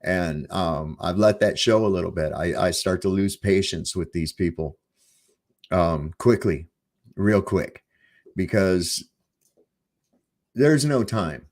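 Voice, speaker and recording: Deep-voiced man rambling on a livestream. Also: slow, pauses often, a little mellow. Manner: rambling and profane, with frequent fillers. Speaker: livestream host. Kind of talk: casual livestream chat.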